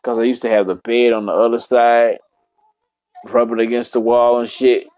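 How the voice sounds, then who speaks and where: A man's voice: medium pitch, level tone, normal speed, a little mellow, no room sound, poor audio. A young man hosting his own podcast alone at home, rambling bluntly and swearing constantly in casual talk. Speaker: podcast host. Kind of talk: casual solo podcast rant. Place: apartment room.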